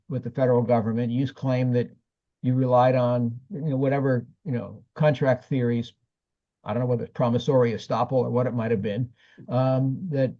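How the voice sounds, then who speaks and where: A man, a former federal prosecutor, explaining legal points as a guest in a webinar conversation, measured and full of ums. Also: medium pitch, dull audio.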